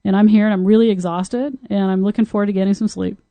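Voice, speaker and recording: A woman voicing a sleepy, frank older gentleman. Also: mid-range voice, fairly even intonation, fast, no room sound, lightly acted. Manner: candid, grateful.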